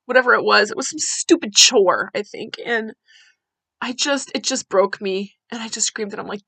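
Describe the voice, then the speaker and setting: A woman hosting a podcast, telling a personal story in a candid, conversational way with halting restarts. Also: fairly high pitch, vocal fry, bright, forceful tone, breathy edge, no echo. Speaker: podcast host.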